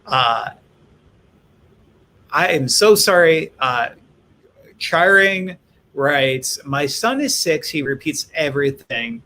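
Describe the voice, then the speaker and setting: A man's voice: on the high side, expressive, slow pace, pauses often, bright, forceful tone, a little hiss or hum. A man hosting a live-streamed interview on a video call, reading viewer questions aloud and rephrasing them for his guest. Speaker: host.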